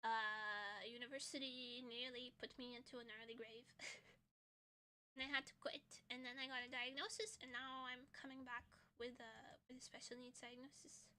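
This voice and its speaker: A woman's voice: on the high side, flat delivery, normal speed, bright, forceful tone, clear, resonant tone. A young adult woman streaming, chatting casually and informally with her viewers and swearing freely. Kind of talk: casual chat.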